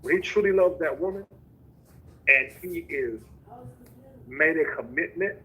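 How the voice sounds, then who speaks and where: A man giving relationship advice to women in a measured, emphatic preaching style. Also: on the high side, animated, bright, forceful tone, slightly rough, rough recording. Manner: measured, emphatic, building phrase by phrase. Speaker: co-host.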